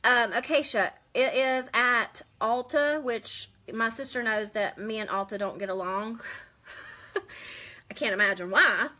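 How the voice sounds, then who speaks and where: A woman's voice: a little high, steady tone, a little slow, pushed and bright. A woman, chatting casually on a live stream, rambling and answering viewers' comments. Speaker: beauty vlogger hosting a live stream.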